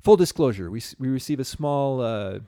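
A man's voice: mid-range voice, lively intonation, brisk, warm tone, dry recording, clean studio sound. A man co-hosting a podcast in casual chat, rambling and reading listener comments aloud. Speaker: podcast co-host.

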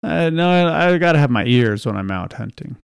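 A podcast host chatting casually and eagerly about his favorite film, laughing as he retells the scenes. His voice has a gravelly edge, and the recording is dry and close. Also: a little high, animated, fairly quick, dry recording. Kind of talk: casual chat.

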